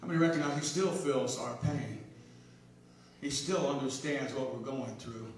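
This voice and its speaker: A man preaching a sermon as pastor, swinging between hushed, tender passages and emphatic, rising points. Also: medium pitch, moderate pace, a little hiss or hum. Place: church sanctuary. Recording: echoey church hall from far off.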